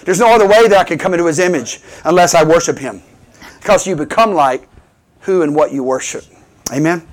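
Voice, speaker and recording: A man's voice: fairly high pitch, brisk. A man preaching a sermon in call-and-response style, building to emphatic bursts.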